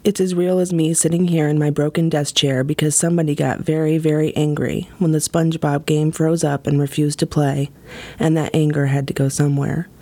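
A woman performing her own spoken-word poem in a wry, deadpan, measured way. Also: deep voice, dry recording. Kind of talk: spoken-word poetry reading.

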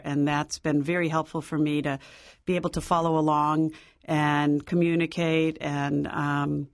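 A man's voice: a little high, no room sound, clean studio sound. A man who volunteers on aid trips, answering thoughtfully and with hesitation. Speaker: guest volunteer.

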